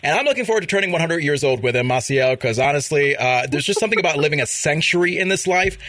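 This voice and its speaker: A man's voice: on the high side, lively intonation, fast, a bit bright, no echo. A man hosting a podcast, chatting casually about celebrity gossip and reading out news items. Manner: chatty, laughs often, reads news items. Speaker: podcast host. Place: studio in Vermont.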